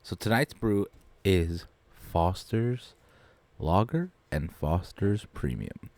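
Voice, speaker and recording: A man with a low voice co-hosts a casual beer-tasting podcast. He is chatty, swears freely and laughs easily. The sound is dry and close to the mic. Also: lively intonation, slow pace, darkish tone, no room sound. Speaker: podcast co-host, producer.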